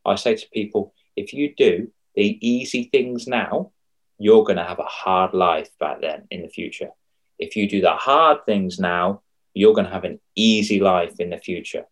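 Lively man telling stories. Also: fairly low pitch, normal speed. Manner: animated storyteller, acts out quoted voices. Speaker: confidence coach for kids. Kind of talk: casual podcast chat.

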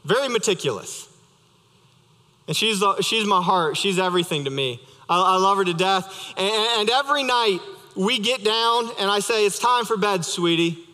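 Young male pastor, high and bright, a relaxed storyteller with easy humor, heard through long church reverb. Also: normal speed. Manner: conversational, storytelling with light humor. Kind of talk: sermon. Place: church sanctuary.

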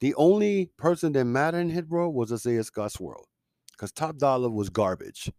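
A man's voice: mid-range voice, normal speed, darkish tone, no room sound. A man hosting a casual podcast, ranting in a heated, opinionated way with frequent fillers and restarts. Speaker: podcast host.

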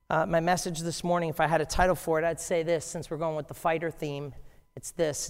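A man preaching a sermon, animated and jokey, acting out voices from scripture. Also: fairly high pitch, a little fast, smooth. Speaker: pastor. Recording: long hall reverb.

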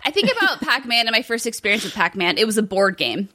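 A woman co-hosts a gaming show with a playful, joking way of talking, often turning to the live chat. Her voice is bright and forceful. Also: on the high side, big pitch swings, quick pace. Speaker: co-host of a gaming news show. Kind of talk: casual chat.

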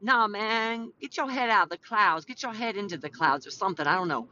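A woman's voice: medium pitch, a little fast, sharp tone. A woman hosting a faith podcast, mixing prayer with casual, slangy, rambling and self-deprecating talk. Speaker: podcast host. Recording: slightly muffled with faint background hum.

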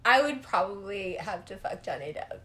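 A woman's voice: mid-range voice, moderate pace, reverberant. A woman chatting casually, telling stories with swearing and frequent laughter. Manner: animated, profane storytelling with frequent laughter. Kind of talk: casual chat.

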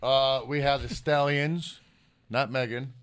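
A man's voice: medium pitch, fairly even intonation, takes it slowly, fairly bright tone, clear, resonant tone. A man co-hosting a podcast, chatting casually, rambling, laughing often and swearing a lot. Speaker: podcast co-host. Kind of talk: casual profane chat.

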